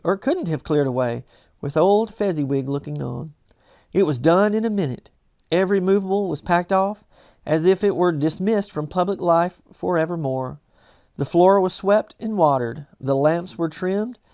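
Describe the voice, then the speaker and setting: A man reading a classic novel aloud in a measured storytelling manner. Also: fairly high pitch, a little mellow, dry recording, clean studio sound. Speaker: audiobook reader.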